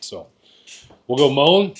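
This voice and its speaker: This goose calling instructor speaks slowly in a mid-range voice with big swings in pitch. He teaches hunters informally, folksy and repetitive, checking in with "right?" again and again. The clip is very noisy.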